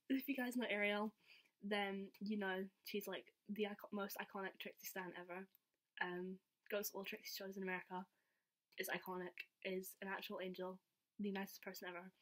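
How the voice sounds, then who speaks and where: A young woman telling a story in a casual, excited, chatty vlog style, full of "like" fillers. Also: medium pitch, normal speed. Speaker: vlogger.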